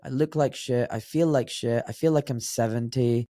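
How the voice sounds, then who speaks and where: A man's voice: medium pitch, moderate pace, warm tone, no echo, clean studio sound. A man in his forties with a Glaswegian accent, talking bluntly and straight as a podcast guest. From Scotland. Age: 40s. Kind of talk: casual interview conversation.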